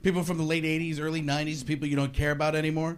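A man's voice: fairly high pitch, flat delivery, very fast. A man doing a sarcastic stand-up comedy routine, acting out voices. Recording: live stand-up with noise.

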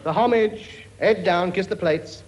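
A man's voice: sits high, unhurried, slight background noise. A man playing a brash, bossy working-class king in a radio comedy sketch. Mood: pompous, scolding. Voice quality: blunt, bossy, cheeky. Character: brash working-class king bossing his many children.

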